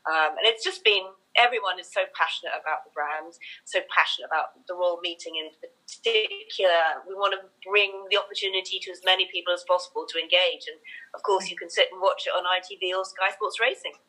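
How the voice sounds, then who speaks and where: A woman's voice: on the low side, fairly quick, sharp tone, rough recording. A woman in an interview, eagerly laying out event plans and filling her talk with ums and restarts. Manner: enthusiastic, lists plans with many fillers. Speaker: racecourse marketing executive. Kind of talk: interview guest.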